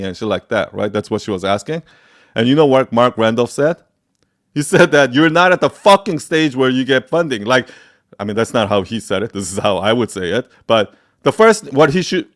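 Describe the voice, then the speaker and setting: A man hosting a live Q&A, giving blunt, profane business advice and hammering points home with repetition. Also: mid-range voice. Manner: profane, forceful, repeats for emphasis. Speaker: host answering live questions.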